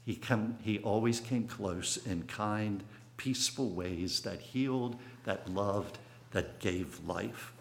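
A man's voice: lowish voice, slow, gravelly. A man in his sixties giving a sermon, telling a personal childhood story in a reflective way, with sudden bursts of emphasis. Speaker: preacher.

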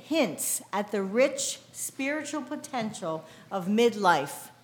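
A middle-aged woman with an American accent delivers a sermon as a pastor, unhurried and deliberate. Her voice sits a little high for a woman, and the recording carries the roomy echo of a church. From United States. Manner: measured, deliberate preaching delivery.

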